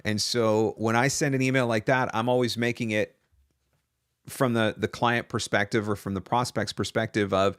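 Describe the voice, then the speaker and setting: Chatty low-voiced man coaching live. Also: fairly even intonation, moderate pace, fairly bright tone, smooth, no echo, clean studio sound. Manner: chatty, loose, with fillers and restarts. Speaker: voice over business coach hosting a live Q&A. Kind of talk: casual live-stream advice talk.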